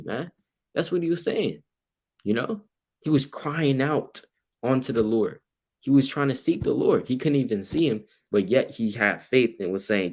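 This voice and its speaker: Low-voiced man teaching scripture casually. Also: expressive, a little slow. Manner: keeps asking "right?" while reading and explaining verses; acts out quoted people with sudden louder, higher bursts. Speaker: Bible teacher. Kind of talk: informal Bible study teaching. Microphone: computer mic while sharing his screen.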